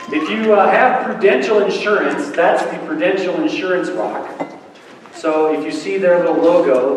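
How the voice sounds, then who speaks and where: A male pastor with a fairly high voice preaches a sermon, chatty and playful, hammering home points with repeated phrases. He is picked up from a distance in a big church sanctuary. The long reverb of the hall and a faint background hum surround every word.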